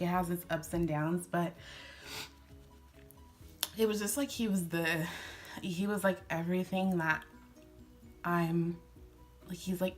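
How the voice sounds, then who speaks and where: A woman's voice: mid-range voice, a little mellow. Teary young woman telling a love story. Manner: emotional, tearful, breaking into whispers and laughs. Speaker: beauty vlogger. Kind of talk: casual storytelling while doing makeup. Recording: faint background music.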